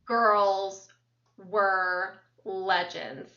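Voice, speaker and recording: A woman co-hosting a podcast, chatting casually as an animated storyteller who fills her talk with ums and uhs. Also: mid-range voice, extremely slow. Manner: animated storyteller, lots of fillers. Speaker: podcast co-host. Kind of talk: casual chat. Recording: roomy, distant, dull sound.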